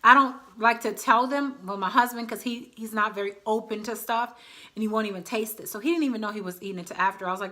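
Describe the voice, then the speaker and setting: A woman's voice: on the high side, steady tone, fast, sharp tone. A woman in her thirties chatting casually to her viewers as a vlogger, often calling them y'all. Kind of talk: casual chat to camera.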